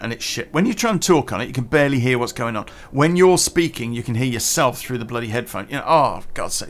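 A man's voice: mid-range voice, fairly bright tone. A British man hosting a podcast, ranting casually and bluntly, swearing freely and chewing gum as he talks. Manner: chatty, blunt, swears casually, lots of "you know". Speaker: podcast host.

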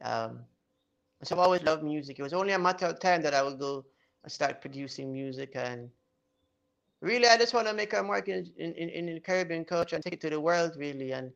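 A young man from Jamaica talks casually as an interview guest, outgoing and often stumbling over repeated words. His voice sits a little high with a gravelly edge. The audio sounds dull and lo-fi. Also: animated, brisk, fairly bright tone. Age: young adult. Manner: outgoing, repeats words while searching for them.

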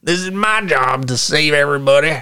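A man voicing an indignant Southern ship guard, shouting in a high, strained voice. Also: lively intonation, a little fast, smooth, dry recording, clean studio sound.

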